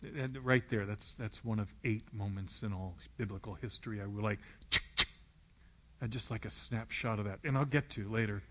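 A man's voice: fairly low pitch, moderate pace, slight background noise. A man preaching a sermon, retelling the scene as vivid storytelling and acting it out.

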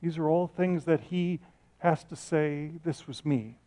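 A middle-aged man preaching a sermon with a fairly high voice. He speaks passionately, telling stories and restarting his sentences as he goes. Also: steady tone, a little slow, dark tone. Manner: passionate, storytelling with restarts and self-corrections. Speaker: pastor.

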